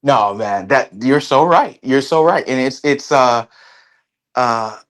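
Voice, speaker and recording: A man speaking as an interview guest in casual conversation, halting often and restarting his sentences. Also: mid-range voice, fairly bright tone. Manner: halting, with many restarts and fillers.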